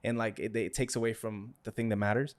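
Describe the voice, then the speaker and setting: A man's voice: fairly low pitch, flat delivery, fairly quick. A man hosting a podcast, talking in a loose, rambling way with lots of fillers and frequent laughs. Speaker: podcast host. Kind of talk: casual interview chat.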